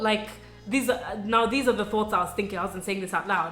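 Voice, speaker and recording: Speaking fairly quickly in a medium-pitched, slightly bright voice, a young Sudanese woman vlogs her personal story to camera. She's earnest and reflective, conversational with lots of asides, "you know," and "like." Faint music and a roomy echo fill the recording.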